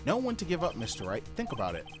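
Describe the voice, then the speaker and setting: A cool, smug woman witness brushes off every accusation, read aloud by a man playing through a courtroom game. The delivery is dry and dismissive, with a lively rise and fall, and faint game music underneath. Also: a little high, fast talker, pitched above the performer's own voice.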